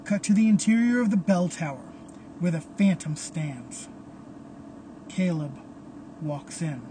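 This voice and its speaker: A man narrating a dark dramatic story in a hushed, dramatic way. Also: a little high, lively intonation, measured pace, slight background noise.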